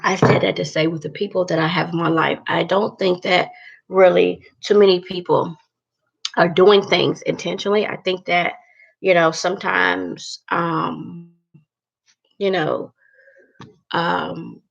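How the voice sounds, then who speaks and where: Gravelly-voiced woman vlogging bluntly. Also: lowish voice, fairly even intonation, measured pace, lo-fi sound. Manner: candid, blunt, cusses freely, many fillers. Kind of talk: casual talking-to-camera vlog.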